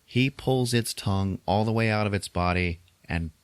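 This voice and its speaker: A man's voice: fairly low pitch, normal speed, clean tone, dry recording. A man hosting a podcast who recaps a movie in casual chat, laughing often and acting out quotes from the film. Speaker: podcast host.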